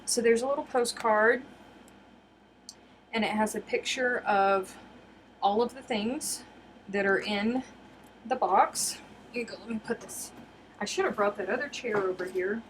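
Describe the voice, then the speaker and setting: A giggly, excitable woman talks unhurriedly to her live viewers as she unboxes. Her voice sits a little high. A faint hiss runs underneath. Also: unhurried, pauses often. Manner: excitable, giggly, addresses viewers as you guys. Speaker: crochet livestream host.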